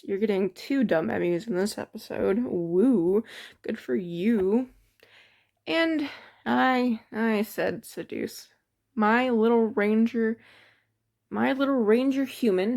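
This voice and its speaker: A woman with a fairly high voice recaps a tabletop game session. She talks in a loose, rambling way, often breaking into giggles. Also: vocal fry, darkish tone. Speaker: storyteller. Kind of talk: casual storytelling of a tabletop game.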